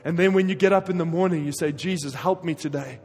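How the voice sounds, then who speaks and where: A man preaching a sermon with passion, his voice swinging between forceful emphasis and quiet, hushed stretches. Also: high-pitched, fairly even intonation, fast talker, long reverb tail. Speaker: pastor.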